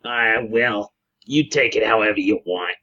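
A man voicing a cocky, sarcastic low-level male crook who talks in mouthy street slang, on a dull lo-fi recording. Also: measured pace, bright, forceful tone.

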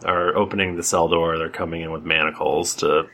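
A man running a tabletop game as game master, relaxed and a little hesitant with fillers. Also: low-pitched, fairly quick.

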